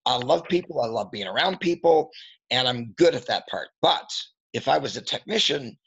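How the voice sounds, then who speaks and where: A male trainer talks auto service advising through candid, anecdotal stories, pausing often to clear his throat. His voice is gravelly and a little husky. The recording sounds dull and lo-fi. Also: mid-range voice, lively intonation, fairly bright tone. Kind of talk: storytelling training talk.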